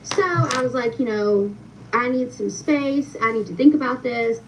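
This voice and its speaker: This young woman's voice sits on the high side, and her pace is measured. Talking directly to her viewers, she casually shares a personal story in a chatty way, full of fillers. The audio is muffled and distant, with faint background noise.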